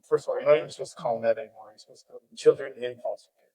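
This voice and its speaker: A man's voice: mid-range voice, rapid-fire, mellow, breathy edge, poor audio. A middle-aged man telling his story as a guest, earnest and passionate, often restarting his sentences for emphasis. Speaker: guest, youth advocate and foster parent. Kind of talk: heartfelt testimony in casual conversation.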